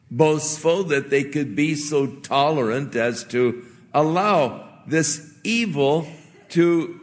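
A man preaching a sermon as a pastor, in a gentle, conversational way with earnest pauses. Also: fairly high pitch, big-room sound.

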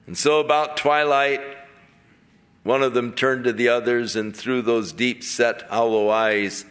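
A man's voice: medium pitch, fairly even intonation, measured pace, a bit bright. A man preaching a sermon, retelling a story and acting out the characters in it.

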